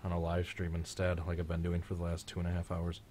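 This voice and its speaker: A man's voice: low-pitched, completely flat delivery, fast, a little mellow, slight background noise. A young man hosting a live stream, chatting casually and joking in a rambling way.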